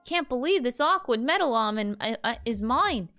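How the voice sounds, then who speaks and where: A woman's voice: on the high side, animated, normal speed, fairly bright tone, faint music behind. A young woman streamer reading a game's text aloud in first person, trying an accent and laughing at herself.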